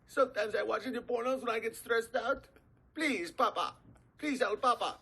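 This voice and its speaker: A man playing a male debtor who begs for mercy in a high pleading whine with broken English, in a comedy sketch. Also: normal speed, gravelly, bright, forceful tone, husky, exaggerated voice, low-quality recording.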